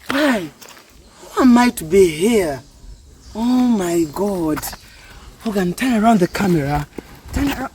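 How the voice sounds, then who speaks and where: Against a noisy background, a vlog host from Uganda speaks in a high voice with a Ugandan accent. Exclaiming as he goes, he hosts his travel vlog by repeating phrases again and again and switching between English and Luganda.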